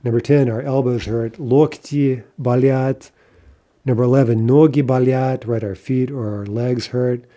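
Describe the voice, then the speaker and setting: Man, language teacher, methodical, very mellow dark tone, mid pitch. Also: fairly even intonation, measured pace. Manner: methodical, checks in with "right?" and "okay". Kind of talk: online language lesson.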